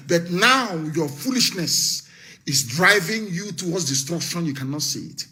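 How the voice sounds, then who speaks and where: Impassioned man, raised pitch. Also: expressive, moderate pace, sharp tone. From Nigeria. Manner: impassioned, hammering rhetorical questions; issues stern warnings. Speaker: political activist leader. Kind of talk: live broadcast address.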